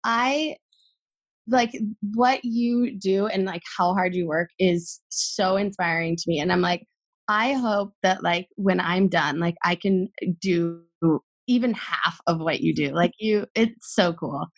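A woman's voice: on the low side, unhurried. A young adult woman athlete, a podcast guest, talking casually with lots of fillers and a gushing, open manner. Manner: chatty, gushing, many fillers.

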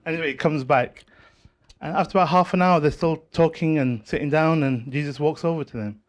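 Man, rambling joke teller, slightly high voice, stops to fix his own story. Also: brisk. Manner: rambling, self-correcting storyteller. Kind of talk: telling a joke in casual chat.

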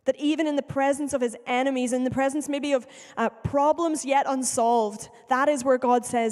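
A woman's voice: sits high, fairly even intonation, normal speed, hardly any pauses, darkish tone. A woman preaching a sermon in an earnest way, often repeating phrases for emphasis. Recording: long hall reverb.

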